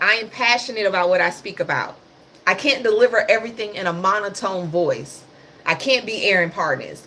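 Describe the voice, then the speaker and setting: A woman's voice: mid-range voice, pushed and bright. A woman hosting a casual livestream, talking about the news in a passionate, sarcastic and blunt way. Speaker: livestream host.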